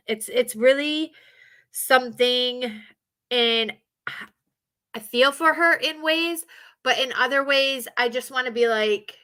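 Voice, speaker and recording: Woman, casual commentary, bright voice, slightly high, hesitant, lots of fillers. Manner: hesitant, many fillers and restarts.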